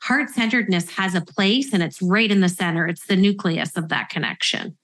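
A woman in her fifties hosting a podcast, speaking earnestly and reflectively, slowing down to stress key phrases. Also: on the low side, fairly bright tone. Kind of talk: reflective conversational interview.

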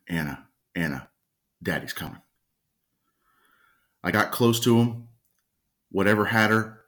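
A man casually telling a personal story at home, unhurried and often clearing his throat. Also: low-pitched, a bit bright. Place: at home with a dog nearby.

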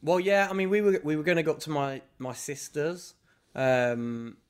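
A man co-hosting a podcast, chatting casually and telling stories in an animated, laughing way. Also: fairly high pitch, moderate pace, clean tone. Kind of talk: casual chat, storytelling.

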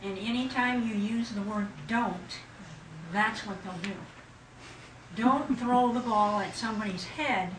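A woman's voice: medium pitch, measured pace. A woman speaks up matter-of-factly from the audience, sounding like a teacher. She is picked up from far off in an echoey room with a faint hiss behind her. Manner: matter-of-fact, speaks up from the group. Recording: distant, echoey room mic with faint noise.

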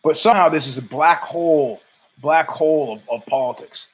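A man's voice: on the high side, moderate pace, rough recording. Profane, sardonic man ranting solo. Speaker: podcast host. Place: home.

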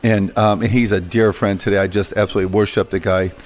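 A middle-aged man who founded a coffee business tells rambling anecdotes as an interview guest, his stories full of fillers and restarts. He talks fast in a lowish voice with fairly even intonation, keeping the tone casual.

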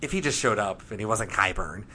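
A man hosting a casual, excitable chat about a TV show, swearing often and breaking into quick impressions. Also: lowish voice, slight background noise. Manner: excited, swearing, jumps between voices. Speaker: podcast host.

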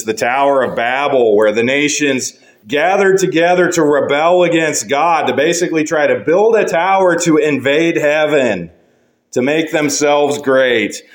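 A male pastor delivers a sermon in a measured, deliberate way. His voice sits at an ordinary middle pitch, lifting for emphasis and sinking low and slow at the close of each point.

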